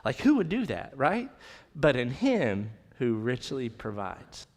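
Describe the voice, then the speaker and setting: A man's voice: mid-range voice, wildly swooping pitch, slow, in a large hall. A man preaching a conversational sermon as pastor, often dropping to a near whisper for emphasis. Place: church sanctuary.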